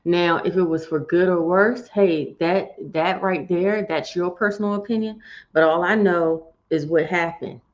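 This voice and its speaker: Lady host chatting on a live stream, lowish voice, kinda dull lo-fi sound. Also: steady tone, a little slow. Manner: chatty, folksy, addresses viewers as y'all. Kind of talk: live-stream morning show chat.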